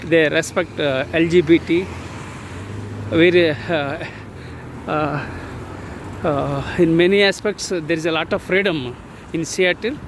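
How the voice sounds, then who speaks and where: Holding his phone as he walks through traffic-filled city streets, a man in his sixties talks in a casual vlog. His voice is a little high with fairly even intonation, and he speaks slowly and haltingly with many fillers and repeated words, over street noise.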